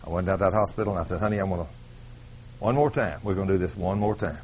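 A man's voice: sits low, steady tone, rapid-fire, a little mellow, muffled recording. Man, preacher, storytelling sermon, faint hiss in the background. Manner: storytelling preacher, quoting dialogue, rising to emphatic peaks. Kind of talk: sermon with personal testimony.

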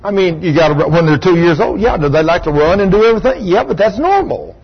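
A man's voice: sits high, fast talker, gravelly, slightly rough. An older man preaching a sermon, telling stories and acting out the voices in them. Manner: animated storytelling, acting out voices. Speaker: pastor. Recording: dull lo-fi recording.

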